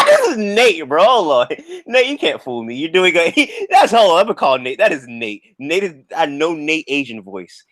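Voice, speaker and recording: A man's voice: on the high side, wildly swooping pitch, moderate pace, a bit bright. A man hosting a livestream in a laid-back, joking, slangy way. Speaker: livestream host. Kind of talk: casual livestream chat.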